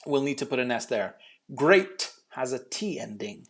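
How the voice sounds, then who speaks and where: A man's voice: medium pitch, lively intonation, normal speed, a little hiss or hum. A man teaching an online English pronunciation lesson, chatty and encouraging, explaining step by step with frequent ums.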